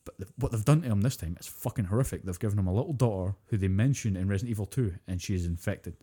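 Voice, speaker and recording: A quick-talking man, his voice low and soft-toned. He tells a game's story as a podcast co-host, in casual chat that is full of swearing and acted-out quotes. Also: husky. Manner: animated storyteller, swears freely, acts out quotes. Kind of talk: casual chat about video games.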